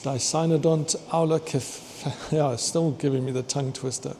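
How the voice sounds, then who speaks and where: A man excitedly touring a fossil museum, chatting to his viewers and tripping over long names. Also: medium pitch, fairly quick, creaky, a little hiss or hum. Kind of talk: walking museum tour vlog. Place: indoor museum hall.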